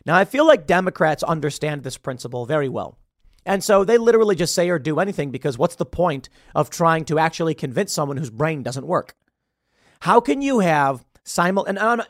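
A man's voice: fairly high pitch, no room sound, studio quality. A man hosting a political commentary show, reading news aloud with a sarcastic edge and the odd stumble over words. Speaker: podcast host.

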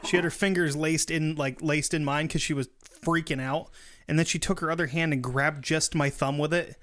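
A man's voice: fairly high pitch, steady tone, normal speed, a bit bright. A married man in casual chat, telling stories in a dry, laid-back way. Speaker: haunted attraction actor.

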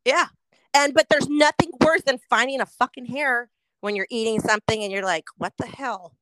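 A woman's voice: fairly high pitch, fairly quick, dry recording. Woman ranting on a podcast, swears constantly, voice jumps all over, dry close sound. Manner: swears a lot, animated ranting storyteller. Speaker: podcast co-host. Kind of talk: casual chat.

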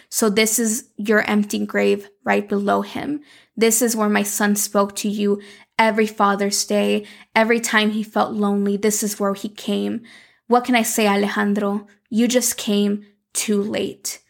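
A woman's voice: mid-range voice, little pitch movement, unhurried, vocal fry. A woman podcaster quoting a heartbroken young woman who confronts her lost love, in an earnest, emotional way. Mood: hurt.

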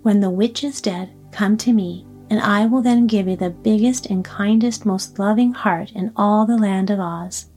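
Woman putting on a booming wizard beast. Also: mellow, husky, soft background music, natural voice. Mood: commanding. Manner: slow, booming, commanding. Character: great terrible male wizard as a roaring beast.

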